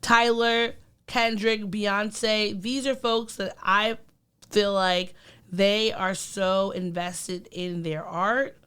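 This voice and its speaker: A woman co-hosts a podcast in a smooth, clear voice. She talks in an earnest, reflective way, with plenty of ums and likes as she thinks aloud. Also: medium pitch, fairly bright tone. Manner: earnest, reflective, many fillers like um and like. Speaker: podcast co-host. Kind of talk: casual podcast chat.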